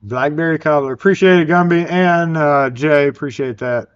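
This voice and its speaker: A man's voice: fairly high pitch, normal speed, smooth. A man with a Southern US accent hosting a casual live stream, rambling and joking as he chats. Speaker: livestream host. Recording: dull lo-fi sound.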